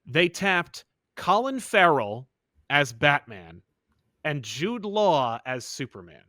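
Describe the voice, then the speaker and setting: Lively bright-voiced man chatting. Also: fairly high pitch, slow pace, no echo, clean studio sound. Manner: animated, storytelling, joking. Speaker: podcast co-host. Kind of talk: casual comic-book chat.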